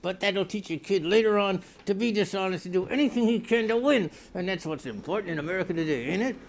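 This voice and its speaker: A man hosting a spoof news show in a rambling comic monologue, with sudden jumps in pitch and loudness like a mock pitchman. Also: fast talker, a little hiss or hum.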